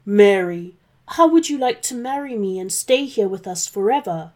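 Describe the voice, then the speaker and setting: A woman's voice: mid-range voice, expressive, normal speed, darkish tone, lightly acted. A woman voicing a nervous, bumbling Santa Claus, an old man who stammers and fibs cheerfully. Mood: earnest.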